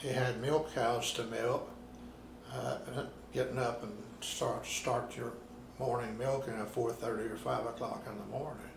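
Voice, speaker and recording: Gravelly, slow-spoken man in his nineties. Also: medium pitch, fairly even intonation. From Arkansas, USA. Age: 90s. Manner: slow, unhurried storytelling with pauses. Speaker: retired minister, interviewee. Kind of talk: oral history interview. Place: his apartment at home. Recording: roomy home recording with background noise.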